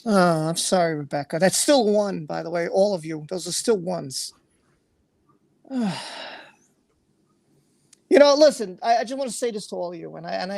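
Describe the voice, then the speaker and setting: A man's voice: high-pitched, vocal fry, a little mellow, dry recording. A man hosting a livestream, reading out viewer comments and talking in an earnest, emotional way, repeating himself and swearing freely. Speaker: livestream host.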